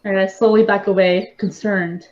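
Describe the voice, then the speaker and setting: A player in a tabletop game who talks in eager, rushed asides. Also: medium pitch, level tone, a little mellow, highs cut off. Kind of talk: casual tabletop play.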